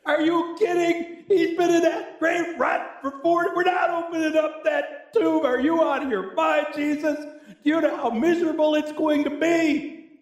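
A man's voice: very high voice, fairly even intonation, normal speed, echoey room, voice pushed up. A man voicing an exasperated woman who protests in disbelief, in a sermon. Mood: incredulous. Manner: incredulous, protesting. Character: exasperated woman refusing to open a tomb.

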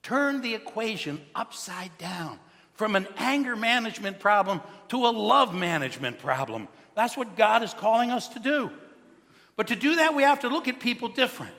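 A man preaching in a church with a high, very lively voice that swoops up and down. His tone is bright and sharp, and he talks like he's chatting with the congregation. His voice rings out in the long reverb of a large hall. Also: moderate pace. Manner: animated, conversational, asks the congregation questions. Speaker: pastor. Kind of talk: sermon with storytelling.

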